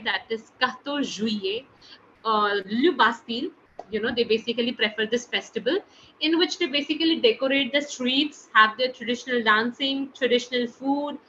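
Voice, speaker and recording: Woman running an online french class, bright tone, calls everyone guys, kinda dull webinar audio with faint hiss. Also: a little high. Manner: chatty, keeps addressing students as guys. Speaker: French teacher.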